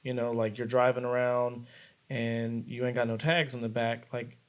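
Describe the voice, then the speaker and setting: A man who is a guest on a podcast, talking in an easygoing, measured way and leaning on "you know". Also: medium pitch, little pitch movement. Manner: laid-back and measured, lots of "you know". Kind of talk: casual interview chat.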